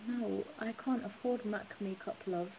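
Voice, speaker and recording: A woman's voice: mid-range voice, steady tone, a little slow, gravelly, mellow, low-quality recording. Young woman, playful and teasing, casual live-stream chat, phone mic at home, faint hiss. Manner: teasing, playful, reads viewer comments aloud. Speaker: co-host of a couple's live stream.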